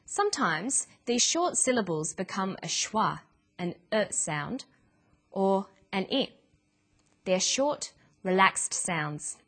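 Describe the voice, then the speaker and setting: A woman narrating a scripted English pronunciation lesson in a clear, measured way. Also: medium pitch, big pitch swings. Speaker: English teacher.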